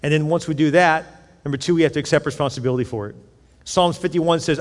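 A man's voice: a little high, fast. A middle-aged man preaching a sermon as pastor, conversational, acting out little scenes with quoted voices. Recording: reverberant hall.

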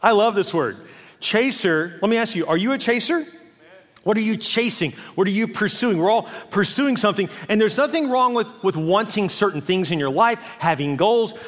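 A man who is a senior pastor, preaching a sermon in a church with animated delivery, acting out people's inner voices. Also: high-pitched, normal speed. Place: large church hall. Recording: long hall reverb.

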